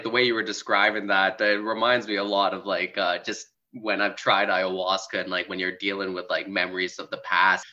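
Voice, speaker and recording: A man's voice: sits low, bright, forceful tone. A young man hosting a casual spiritual chat, rambling with many "like"s and easy laughs. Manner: rambling, heavy use of "like", laughs easily. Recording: dull lo-fi sound.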